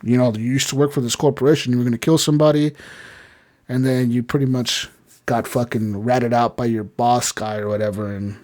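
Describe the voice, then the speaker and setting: A man's voice: mid-range voice, steady tone, a little fast, darkish tone. Man rambling through a game recap. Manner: rambling, profane retelling. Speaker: podcast co-host. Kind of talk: casual podcast chat.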